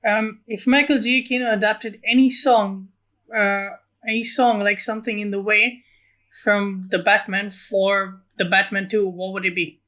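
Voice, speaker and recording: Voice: medium pitch, little pitch movement, a little slow, bright, forceful tone. A podcast co-host asking the questions in a casual film chat, keeping answers brief. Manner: brief, question-led, reads prompts.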